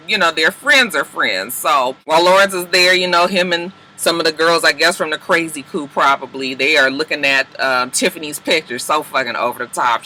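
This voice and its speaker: A man giving a casual, profane TV episode recap, acting out the characters' lines in quick asides. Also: on the high side, bright, forceful tone, a little hiss or hum. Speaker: TV recap reviewer.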